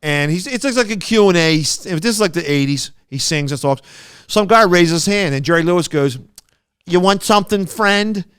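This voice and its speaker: A man's voice: a little high, a little fast, fairly bright tone, clean tone, no room sound, clean studio sound. A man co-hosting a podcast, telling rambling anecdotes in casual chat with lots of restarts and quoted voices. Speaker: podcast co-host.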